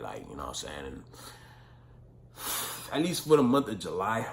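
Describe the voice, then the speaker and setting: A man's voice: low-pitched, very animated, quick pace, long pauses, a little hiss or hum. A young man vlogging, telling a story in casual slang, full of profanity and "you know what I'm saying".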